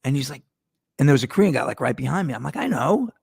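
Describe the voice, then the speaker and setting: Middle-aged guy rambling on his podcast, swears a lot, gravelly voice, dry close sound. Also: medium pitch, expressive, rapid-fire, darkish tone, no echo. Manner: rambling, profane, digressive. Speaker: podcast host. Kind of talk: casual monologue.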